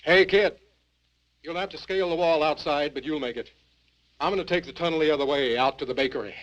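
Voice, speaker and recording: A man's voice: on the high side, quick pace. An older man telling his story as a hobo in a rambling, folksy drawl full of curses, on muffled 1970s film sound with hiss. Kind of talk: rough storytelling documentary interview. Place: in a cave.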